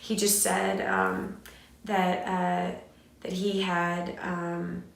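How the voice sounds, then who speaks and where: A middle-aged woman from Southern California, telling a personal story in a candid, animated way with fillers and restarts. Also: lowish voice, very slow. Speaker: host. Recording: very echoey room.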